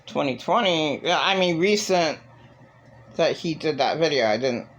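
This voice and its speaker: A woman's voice: sits low, expressive, moderate pace. A woman vlogging in a rambling, profane monologue, venting with raw emotion. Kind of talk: casual monologue.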